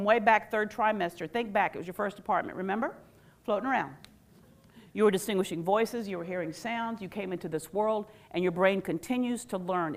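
A woman teacher with a medium-pitched voice leads a live, interactive workshop talk in an animated way. She quizzes her audience with call-and-response questions and acts out quoted phrases in playful voices.

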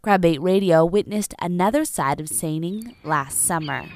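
A woman hosting a radio news program, reading a scripted introduction in a measured, polished way. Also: fairly low pitch, darkish tone.

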